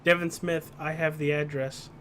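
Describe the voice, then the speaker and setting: A man's voice: on the high side, little pitch movement, moderate pace, a bit bright, clean tone. A man calling a sim race, mixing play-by-play with jokey banter. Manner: play-by-play calls mixed with banter. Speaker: sim racing commentator. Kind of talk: joking race commentary.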